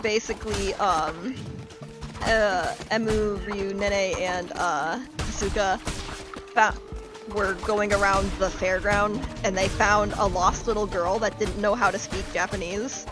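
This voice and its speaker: A woman streaming a game, telling stories in a casual, animated way, acting out quotes and swearing freely. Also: medium pitch, slow, over music. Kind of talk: casual gaming chat and storytelling.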